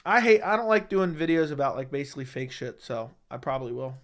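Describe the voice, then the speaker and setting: Reading viewer comments aloud at a desk studio microphone, a young livestream host answers them bluntly and swears often in a casual chat. He talks back to the chat with a medium-pitched, animated, fast and slightly bright voice.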